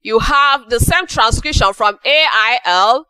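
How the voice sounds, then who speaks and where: A woman teaches a class with a bright, forceful, crisp voice that sits a little high. She goes over key phrases again, slowing them down so they sink in. The sound is dry and close. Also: expressive, no echo, poor audio. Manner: repeats key phrases slowly for emphasis. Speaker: English teacher. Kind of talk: classroom lecture.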